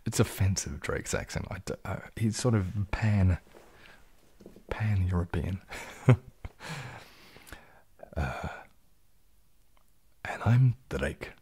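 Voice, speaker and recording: Deep, husky New man. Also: takes it slowly, long pauses, mellow. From New Zealand. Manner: reads viewer comments aloud and answers them in a low, laid-back way. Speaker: ASMR streamer. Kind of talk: casual live-stream chat, soft-spoken.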